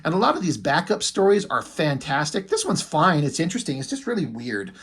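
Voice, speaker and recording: Brief: man in his forties, comic reviewer, husky voice, slightly high, excitable and swearing. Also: fairly quick. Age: 40s. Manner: enthusiastic, profane, retells plots in quotes. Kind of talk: casual review monologue.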